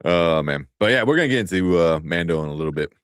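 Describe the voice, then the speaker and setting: A man in his thirties co-hosting a casual chat, acting out stories about his kids with big jumps in pitch. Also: animated, fast, clear, resonant tone, no room sound, studio quality. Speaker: podcast co-host.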